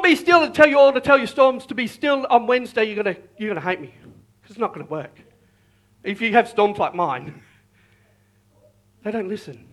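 A high-pitched man preaching a sermon with a bright, forceful tone. He talks in a lively, repetitive way and keeps calling out to his listeners. His pitch swings up and down a lot. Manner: lively, repetitive, calls out to the congregation. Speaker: pastor.

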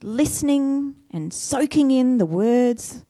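A woman's voice: high-pitched, animated, slow pace, mellow, no echo, clean studio sound. A woman preaching a conversational sermon, asking rhetorical questions and admitting her own faults.

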